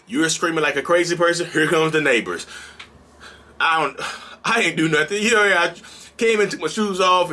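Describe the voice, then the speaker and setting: A male mental health vlogger talking straight to camera in a casual, energetic, preachy and colloquial way. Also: a little high. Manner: energetic and bouncy. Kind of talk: casual direct-to-camera vlog.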